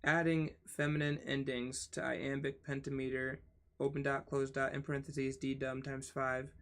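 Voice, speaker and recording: A man reading a book aloud on his channel, haltingly, spelling out hard words and stopping to comment. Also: medium pitch, little pitch movement, fairly bright tone. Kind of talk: casual read-aloud with comments.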